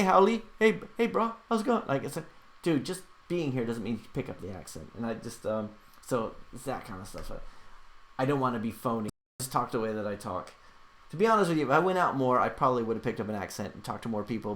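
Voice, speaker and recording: A man's voice: mid-range voice, lively intonation, quick pace. A man hosting a casual livestream, reading out chat questions and answering them in a rambling way, with lots of fillers and restarts.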